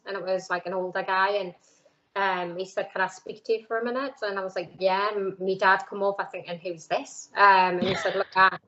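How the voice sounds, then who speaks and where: A middle-aged woman with a broad Geordie accent tells her story in a relaxed interview, slipping into lively quoted voices and filling gaps with "um" and "like". The sound is a little dull and muffled. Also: medium pitch. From North East England. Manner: chatty, lively quoting of others, many "um"s and "like"s. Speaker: interviewee, former footballer.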